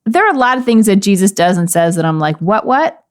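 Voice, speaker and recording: A woman's voice: medium pitch, expressive, fast talker, smooth. A woman co-hosting a podcast, reading a Bible passage and musing through it in casual talk, laughing easily. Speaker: podcast co-host.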